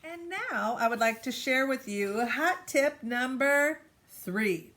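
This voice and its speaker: A woman teaching children a painting lesson in a playful, animated way, recorded on a tablet or phone in a school art room. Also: high voice, takes it slowly. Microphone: tablet or phone camera.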